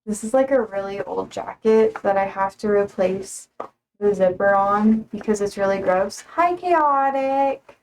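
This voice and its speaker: A young woman's medium-pitched voice comes at a measured pace, with a faint hiss or hum in the audio. Hosting a livestream from home, she chats casually and teases her viewers, calling herself sassy and laughing often.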